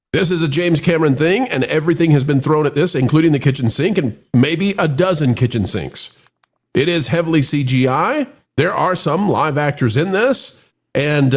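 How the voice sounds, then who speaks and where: A man hosting a live film review show, talking in an animated, rambling way with frequent restarts. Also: a little high.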